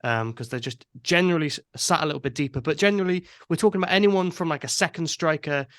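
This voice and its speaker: A man's voice: a little high, fast talker, a bit bright, no echo, studio quality. A man hosting a casual football podcast, talking easygoing and thinking aloud as he goes. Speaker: podcast host.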